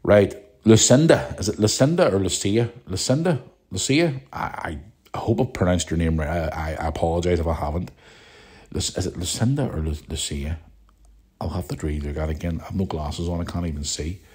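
A man's voice: low-pitched, brisk, a little mellow. A Northern Irish man hosting a podcast, chatting casually in a rambling, teasing way. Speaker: podcast host.

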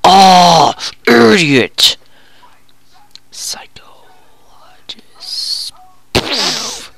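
A gamer giving goofy, excitable commentary while playing a hockey video game, groaning and yelling at each play. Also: medium pitch, extremely slow, vocal fry, dry recording, in a whisper.

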